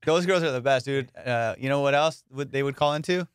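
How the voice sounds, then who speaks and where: A man's voice: mid-range voice, a little fast, clear, resonant tone, dry recording, studio quality. A man hosting a comedy podcast in crude, slangy casual chat, often slipping into put-on voices. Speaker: podcast host.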